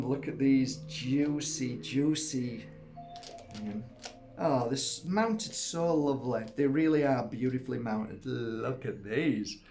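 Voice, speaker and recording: A man showing off his crystals in a casual video, gushing with exclamations and squealing up high in delight. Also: a little mellow. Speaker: crystal seller and workshop host. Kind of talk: casual show-and-tell video.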